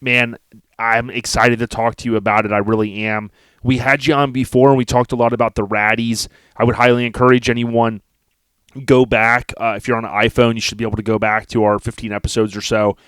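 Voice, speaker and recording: A man's voice: mid-range voice, little pitch movement, a little fast, a bit bright, smooth, no room sound, studio quality. A man hosting a podcast in casual conversation, enthusiastic and full of slang. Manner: enthusiastic, slangy, calls guest dude and man. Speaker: podcast host.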